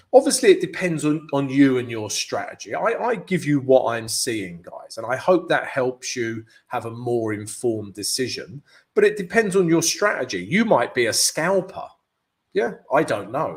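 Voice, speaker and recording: A man hosting a live trading stream, walking through charts and often checking in with "yeah?" and "guys". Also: mid-range voice. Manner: peppers talk with "yeah" and "guys" tag questions; thinks aloud, restarts phrases. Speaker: forex trading channel host.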